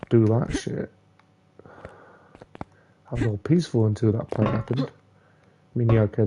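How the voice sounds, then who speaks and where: A young man swearing and ranting angrily while commenting on his own gameplay, muttering curses under his breath between louder complaints. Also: mid-range voice, gravelly, background noise. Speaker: gamer playing a platform game.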